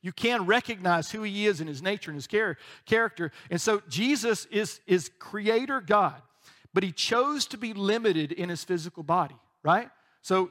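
A man with a fairly high voice delivers a sermon in a loose, conversational way. He jokes with the congregation and slips into quick acted-out voices. He keeps checking in with a casual "right?". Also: a bit bright. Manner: conversational, joking, acts out voices, frequent "right?". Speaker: pastor.

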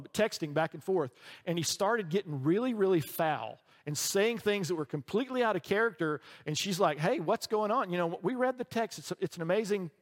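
A middle-aged man preaching a sermon as a pastor, telling stories in a conversational way and often checking in with the crowd. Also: on the high side. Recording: long reverb from a large hall.

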